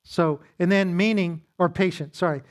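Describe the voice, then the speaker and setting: A man's voice: high-pitched, steady tone, normal speed. A man leading a church marriage seminar, teaching in a conversational way with self-deprecating humor and acted-out quotes.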